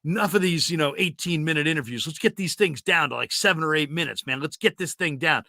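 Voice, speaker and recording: A man's voice: on the high side, fast talker, vocal fry, sharp tone, dry recording, studio quality, pitched above the performer's own voice. A man imitating an impatient male program director who speaks curtly and in a hurry. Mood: hurried.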